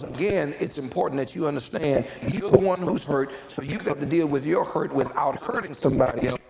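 Gravelly-voiced male pastor preaching. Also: medium pitch, a little mellow, poor audio. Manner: conversational preaching with repetitions and asides. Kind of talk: sermon.

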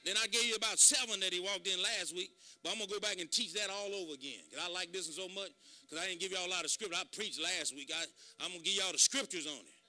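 High, bright-voiced preacher. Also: male voice, fast. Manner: emphatic, calls out to the congregation, shouts at peaks. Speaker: pastor. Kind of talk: sermon.

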